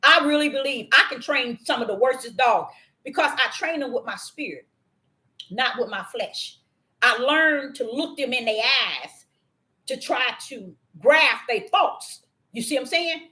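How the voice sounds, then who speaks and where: High, bright older woman telling a story. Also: unhurried. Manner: animated, emphatic, addresses listeners directly. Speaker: host. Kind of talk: casual storytelling talk.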